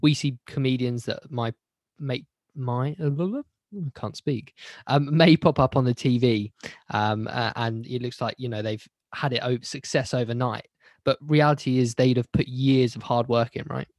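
Guy interviewer, mid pitch, dry close sound, umms a lot asking stuff. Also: fairly even intonation, a little mellow, dry recording. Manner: halting, rambling questions with many fillers. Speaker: interview host. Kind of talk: conversational interview questions.

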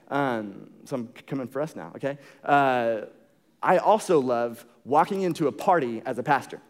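A young man delivers a sermon in a relaxed, conversational way. His voice sits a little high, and he tells jokey stories with many fillers and quick restarts. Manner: jokey storytelling. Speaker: pastor.

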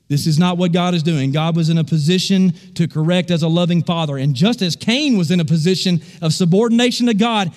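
A man's voice: high-pitched, brisk, few pauses, darkish tone, in a large hall. A male pastor preaching a sermon in a church, emphatic and asking the congregation questions. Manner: emphatic, call-and-response questions.

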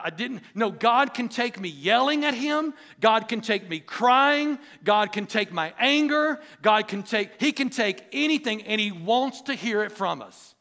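A man preaches to his church in an earnest, emphatic way, driving points home by repeating phrases. His voice sits high for a man. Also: sharp tone. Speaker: pastor. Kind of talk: sermon.

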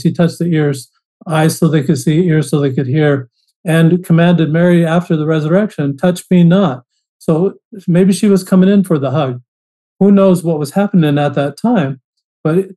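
Earnest man with a mellow, fairly high voice. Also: low-quality recording. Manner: earnest, repeats and restarts phrases. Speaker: podcast guest. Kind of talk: casual interview storytelling.

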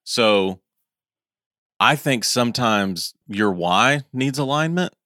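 A man's voice: mid-range voice, animated, slow pace, sharp tone, no echo, studio quality. A man on a podcast talking in a confident, emphatic way. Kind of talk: casual podcast conversation.

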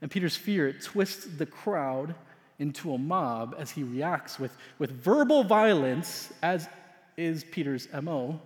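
A male pastor preaching with a high voice. He tells the story dramatically, swinging from loud emphasis down to hushed asides. His voice carries a long reverb, as in a large hall. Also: animated, measured pace. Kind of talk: sermon.

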